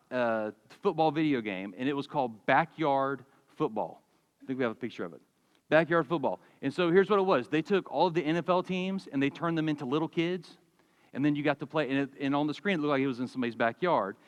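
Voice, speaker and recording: A man in his forties preaching a sermon, telling stories in a lively, conversational way with humor. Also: mid-range voice, in a large hall. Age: 40s. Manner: animated storytelling, conversational with humor. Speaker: pastor. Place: church sanctuary.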